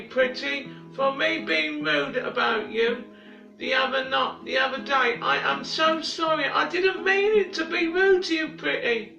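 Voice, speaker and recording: A man recording rambling video messages, repeating himself, stumbling over words and begging with shouted apologies. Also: creaky. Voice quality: high-pitched, repetitive, halting. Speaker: internet personality in archive clips. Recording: echoey room, distant mic, faint music.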